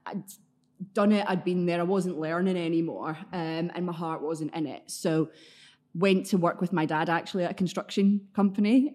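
Glaswegian woman, thirties, lower voice, chatty and self-deprecating interview guest. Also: warm tone. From Scotland, Glasgow area. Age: 30s. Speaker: podcast guest. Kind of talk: casual interview chat.

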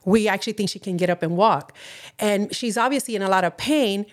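An earnest woman with a Californian accent tells a personal story of faith on a casual podcast. Her voice sits at an ordinary middle pitch, and she brings the people in her story to life by acting out their lines. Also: fairly quick. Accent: Californian English. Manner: earnest storytelling, acts out quoted dialogue. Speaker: podcast co-host. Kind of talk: personal testimony in casual chat.

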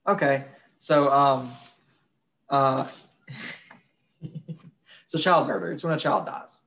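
A man's voice: mid-range voice, animated, drawn-out words, fairly bright tone. A young man co-hosting a casual true-crime podcast, crude and swearing freely, laughing while he tells grim facts. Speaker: podcast co-host.

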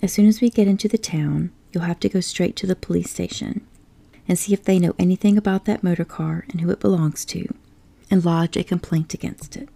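A woman's voice: fairly low pitch, steady tone, fairly quick, gravelly, dark tone. Woman whispering as a stern water rat, whispered role-play. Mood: sharp. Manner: firm, stern, exasperated. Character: stern, practical male water rat, adult.

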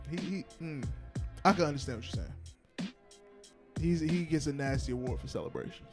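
A man's voice: fairly high pitch, moderate pace, music in the background. A young man co-hosting a podcast, chatting casually and joking in a laid-back, slangy way. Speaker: podcast co-host. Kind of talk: casual chat.

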